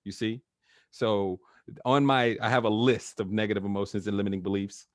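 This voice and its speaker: A man's voice: fairly low pitch, flat delivery, normal speed, no echo, clean studio sound. A man working as a coach who talks in a casual, chatty way, with filler words and frequent laughs, over a video call. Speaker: NLP trainer, guest.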